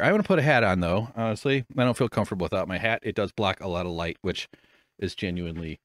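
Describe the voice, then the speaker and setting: A man's voice: on the low side, animated, fast talker, dry recording. Rambling, self-mocking male podcast host. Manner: rambling, self-deprecating, swears freely. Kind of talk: casual rambling chat. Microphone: studio microphone with headphones.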